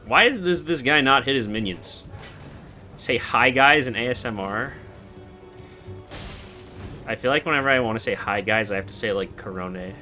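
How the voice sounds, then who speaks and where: A man in his twenties streaming a game, chatting casually and answering chat in a relaxed, monotone way. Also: mid-range voice, moderate pace, pauses often, faint music behind. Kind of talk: casual live-stream chat while gaming.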